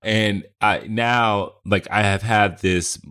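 Low-voiced man, laughing and halting. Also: fairly even intonation, pushed and bright, smooth. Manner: halting, laughs often, restarts. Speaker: podcast co-host. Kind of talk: casual chat.

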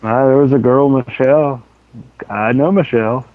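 Over a tinny, phone-like line, a man co-hosting a casual gaming podcast tells rambling, profane stories. He has a sore throat, a mid-range voice, and speaks at normal speed.

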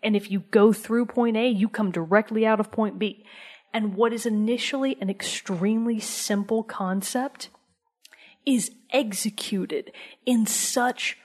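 A woman's voice: medium pitch, steady tone, normal speed. Chatty enthusiastic woman, casual talk. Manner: enthusiastic, conversational, drops to a soft whisper for emphasis. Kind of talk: casual chat.

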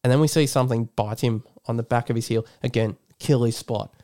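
Aussie bloke rambling thru a movie recap, laughs a lot, smooth clear voice. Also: male voice, medium pitch, fairly even intonation, brisk, warm tone. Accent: Australian. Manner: rambling, laughs often, swears casually. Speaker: podcast co-host. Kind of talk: casual film review chat.

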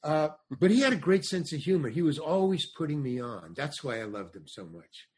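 An older stand-up comedian and actor, guesting on a podcast, spins a long rambling anecdote, acting out quoted dialogue and frequently restarting his sentences. His voice is on the high side, very animated, a little fast, a little mellow and slightly rough.

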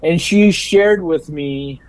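Animated man repeating his words. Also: on the high side, takes it slowly, rough recording. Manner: animated, laughing storyteller. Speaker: guest, special education teacher. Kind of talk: storytelling in a casual interview.

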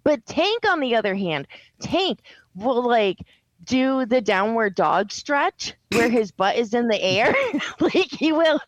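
A woman co-hosting a relaxed podcast, laughing often as she tells stories. She speaks slowly, in a slightly high voice. The sound is dry and close-miked. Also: dry recording, lo-fi sound. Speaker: podcast co-host. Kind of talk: casual chat.

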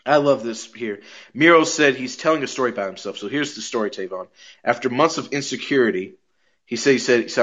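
A man co-hosting a podcast, recapping wrestling shows in an animated, casual way, swearing and laughing as he goes. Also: medium pitch, a little fast. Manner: animated storyteller, swears and laughs mid-sentence. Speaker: podcast co-host.

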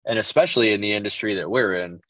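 A man's voice: on the low side, fast talker, fairly bright tone, no room sound. A man co-hosting a podcast, telling rambling stories in casual chat with lots of fillers and swearing. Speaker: podcast co-host.

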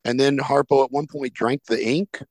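A man's voice: mid-range voice, moderate pace, no echo. Guy hosting a comedy podcast, acts out the people in his stories, dry mic. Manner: animated anecdote telling, acts out quoted characters. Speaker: podcast host. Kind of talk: casual chat, storytelling.

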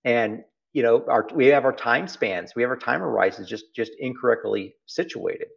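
A man's voice: medium pitch, normal speed, creaky, dull audio. A middle-aged man with a Texas accent, a guest in an interview, speaking emphatically and repeating phrases for stress. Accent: Texan. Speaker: guest, private equity CEO. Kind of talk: reflective interview talk.

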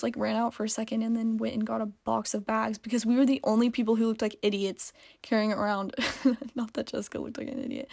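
Giggly young woman with a gravelly edge. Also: fairly high pitch. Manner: chatty and giggly, with frequent "like" fillers. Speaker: vlogger. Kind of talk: casual storytime chat.

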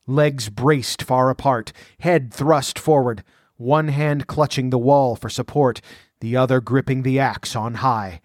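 Male audiobook narrator, even mid-pitched voice, dry close sound, steady dramatic storytelling. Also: no room sound. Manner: measured, vivid storytelling.

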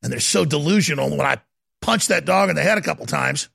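Male talk host, bright and forceful, high-pitched fiery rant with lots of shouting and stammering. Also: lively intonation, fast, vocal fry, breathy edge. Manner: swings between yelling and low muttering. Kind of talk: ranting talk radio monologue.

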